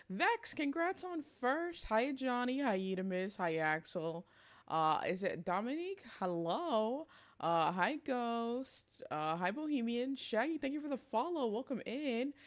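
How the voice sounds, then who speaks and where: Sleepy chatty young woman streamer. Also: on the high side. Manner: chatty, laughs often, animated greetings to chat. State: sleepy morning voice. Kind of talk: casual stream chat.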